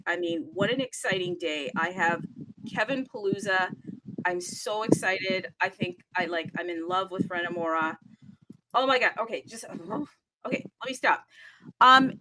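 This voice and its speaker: A woman's voice: mid-range voice, pushed and bright, slight background noise. A woman hosting a live audio chat in a bubbly, rambling, chatty way. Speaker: host.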